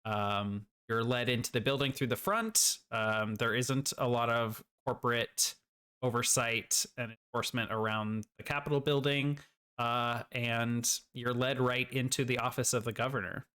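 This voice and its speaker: Rambling game master with a smooth voice. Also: male voice, medium pitch, steady tone, a little slow, pushed and bright. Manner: rambling, searching for words with many fillers. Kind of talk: narrating a tabletop game.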